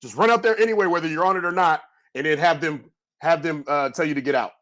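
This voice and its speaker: A middle-aged man, a former pro football player, telling loose, rambling stories in a casual podcast interview and acting out yelling coaches. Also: fairly high pitch, quick pace. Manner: animated storyteller, acts out coaches yelling; loose, rambling with many restarts.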